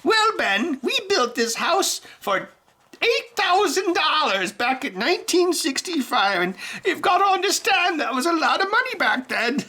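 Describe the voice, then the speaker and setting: A man putting on the voice of an elderly woman neighbor who chats and lectures in a high, quavering way. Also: sing-song, unhurried, sharp tone, heavily acted. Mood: lecturing.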